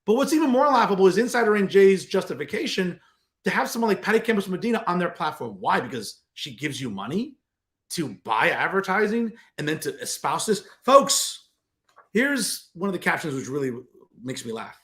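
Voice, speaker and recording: A man's voice: high-pitched, big pitch swings, a little fast, a bit bright. A man hosting a political commentary show, delivering a combative, sarcastic monologue straight to his viewers.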